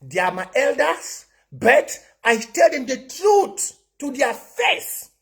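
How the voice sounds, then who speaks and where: A man's voice: very high-pitched, very animated, slow, creaky, breathy edge. A man with a Cameroonian accent, giving an impassioned livestream political monologue that slips into Pidgin and repeats his points. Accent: Cameroonian English and Pidgin. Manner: impassioned, preachy, repeats himself. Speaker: online political commentator.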